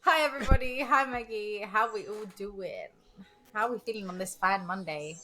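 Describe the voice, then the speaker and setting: A young woman co-hosting a podcast in casual chat, with a squeaky voice, playful and swearing freely. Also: moderate pace, bright, forceful tone. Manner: playful, swears freely, calls friend darling. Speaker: podcast co-host.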